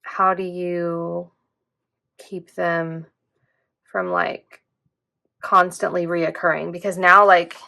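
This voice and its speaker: A woman's voice: lowish voice, little pitch movement, slow pace, vocal fry, long pauses, sharp tone. A young woman, chatting casually and rambling as she plans in her vlog. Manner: chatty, rambling, says "like" often. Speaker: planner vlogger. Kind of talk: casual chat while planning.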